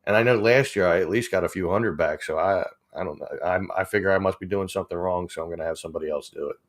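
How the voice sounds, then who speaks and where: A man's voice: deep voice, fast. A man, chatting casually with viewers on a livestream, rambling and chuckling as he reads the chat. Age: 40s. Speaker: livestream host.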